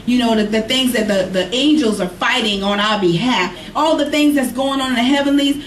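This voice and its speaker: Woman, preacher, high emphatic calls, low asides, distant mic, echoey church. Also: a little fast. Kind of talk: sermon to a congregation. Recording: echoey room from far off, faint noise.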